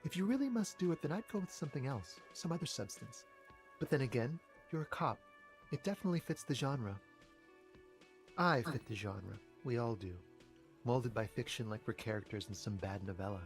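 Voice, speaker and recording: A man's voice: medium pitch, animated, fairly quick, soft background music, natural voice. An actor playing a wry adult man in a detective video game, with a musing, theatrical delivery.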